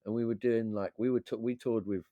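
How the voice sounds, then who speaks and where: A man, a DJ and beat maker who is a guest on a podcast, telling stories in a lively, swearing, casual way and acting out what others said. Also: lowish voice, brisk, dry recording, lo-fi sound. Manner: animated, swears freely, acts out quotes. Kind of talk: casual storytelling chat.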